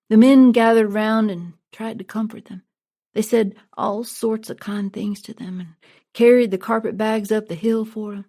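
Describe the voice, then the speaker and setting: A woman narrating a story in a plain, steady storytelling manner. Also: mid-range voice, moderate pace, vocal fry. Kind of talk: audiobook narration.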